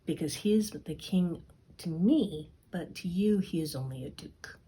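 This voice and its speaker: A woman voicing a clever, smooth-talking male cat who persuades in a hushed, sly way, with a husky, slow delivery. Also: fairly low pitch, lively intonation, full character voice. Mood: scheming.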